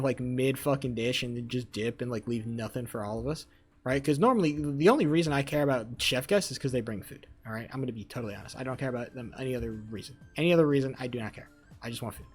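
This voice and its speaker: A man livestreaming, telling a rambling story and teasing his chat. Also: fairly high pitch. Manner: animated, profane, rambling storytelling.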